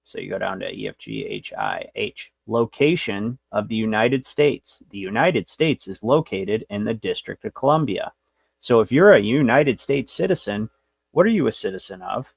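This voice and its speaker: A man's voice: on the low side, sing-song, normal speed, gravelly, breathy edge, no echo. A man hosting a livestream, lecturing in a brash, rambling, profane way. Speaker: show host.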